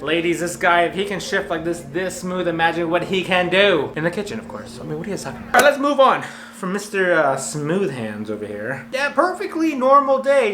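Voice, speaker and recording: High, bright-voiced joking male host. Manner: energetic, jokey, self-mocking. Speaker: host of a fail commentary channel. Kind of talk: comedic video commentary. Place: warehouse full of clothes. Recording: echoey warehouse with a faint hum.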